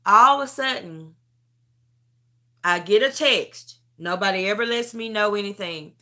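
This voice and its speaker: Middle-aged woman, host of a testimony live stream; sharp bright tone, animated and emotional storytelling, close to tears. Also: medium pitch, measured pace. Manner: animated storytelling, calls the listener "beauty". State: near tears. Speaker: host sharing a personal testimony.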